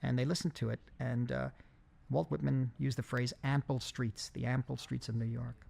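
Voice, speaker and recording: Gravelly man with halting commentary. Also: medium pitch, steady tone, darkish tone. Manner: halting, many fillers and restarts. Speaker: film director giving commentary. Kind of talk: film commentary.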